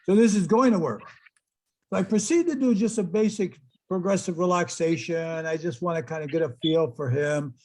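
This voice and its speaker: Husky-voiced man telling a vivid story. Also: on the high side, moderate pace, low-quality recording. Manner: animated storyteller who acts out quoted voices. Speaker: hypnotist giving an online talk. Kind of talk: storytelling presentation to a live online audience.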